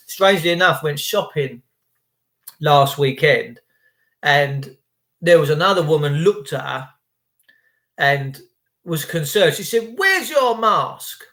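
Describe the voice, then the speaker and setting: A man hosts his own channel with a chatty, opinionated monologue, quoting people in their own voices. His voice is a little high and a bit bright, and he takes it slowly with long pauses.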